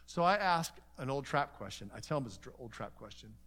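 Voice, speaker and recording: A man's voice: mid-range voice, fairly quick. A man teaching a conference seminar in a conversational way, telling stories and acting out conversations with many asides. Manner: animated storytelling, acts out conversations.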